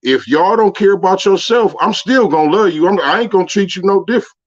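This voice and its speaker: A man's voice: sits high, lively intonation, fast talker. Male radio co-host, laid-back and slangy, hits his points hard, muffled lo-fi sound. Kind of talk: casual call-in radio talk.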